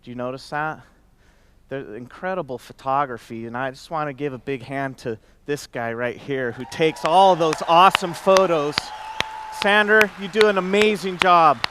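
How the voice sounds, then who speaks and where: A man's voice: fairly high pitch, moderate pace, noisy background. A man giving a casual, heartfelt talk to an audience, rambling with fillers and restarts. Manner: warm conversational with many fillers and restarts. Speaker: company executive speaking at event. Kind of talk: casual heartfelt stage speech.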